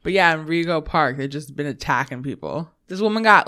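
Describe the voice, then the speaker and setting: A woman's voice: low-pitched, normal speed. A woman with a slight lisp from braces, chatting casually as a podcast co-host and laughing often. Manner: laughs often, animated storytelling. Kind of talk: casual chat.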